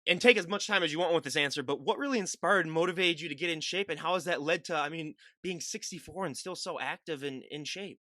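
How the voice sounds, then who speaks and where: An upbeat male podcast host who jokes with his guest and keeps things moving. He talks quickly in a bright, slightly high voice. The sound is dry and close, with no room in it. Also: no room sound. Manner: upbeat, joking, rapid talker. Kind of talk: podcast interview. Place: lives in a cold northern US state.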